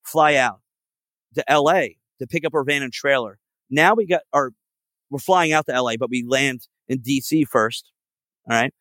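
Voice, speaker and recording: Recorded without room sound, a Philadelphia-area frontman guesting on a podcast rambles through a long road story, cursing and filling gaps with fillers. His mid-range voice is a bit bright and moves at a normal speed.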